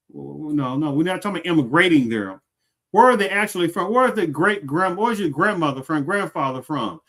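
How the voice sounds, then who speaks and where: High bright-voiced male commentator. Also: expressive, normal speed. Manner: repetitive, rhetorical questions to the audience. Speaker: commentary show host. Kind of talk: reaction commentary on a clip. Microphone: streaming setup.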